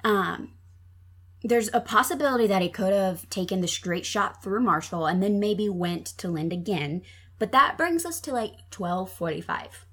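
Chatty husky-voiced woman. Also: mid-range voice, expressive, moderate pace, a bit bright. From Minnesota. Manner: chatty, many ums and likes. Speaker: podcast guest telling a true crime case. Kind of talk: casual storytelling chat.

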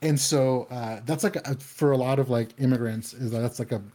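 A man's voice: mid-range voice, brisk, warm tone, a little hiss or hum. A man chatting casually, rambling with many fillers and restarts. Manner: acts out quoted voices in anecdotes. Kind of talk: casual chat.

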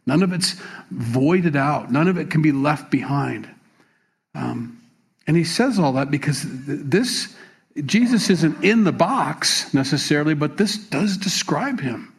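Relaxed, halting male pastor. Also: fairly high pitch, gravelly, slightly rough. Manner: relaxed, many fillers and repeated words. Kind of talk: sermon.

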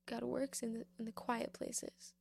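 A woman's voice: a little high, flat delivery, a little slow, creaky, breathy edge, no room sound. A young woman giving a devotional talk, reading a Bible story and then reflecting on it in an informal way, repeating key points for emphasis. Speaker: faith speaker.

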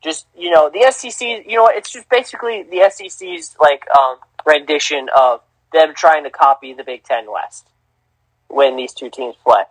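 A man hosting a casual sports talk podcast, animated and emphatic, swearing freely and restarting phrases. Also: a little high, normal speed, dry recording, rough recording. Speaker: podcast host.

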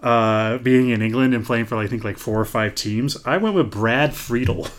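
A man's voice: medium pitch, moderate pace. A man with an American Midwest accent, co-hosting a casual sports podcast and talking in a laid-back, rambling, joking way. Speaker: podcast co-host.

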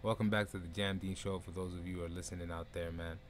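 Chill host dude, very low voice, swears a lot, faint rumble behind. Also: male voice, little pitch movement, quick pace. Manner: laid-back, swears a lot, drops Arabic phrases. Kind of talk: casual live stream chat.

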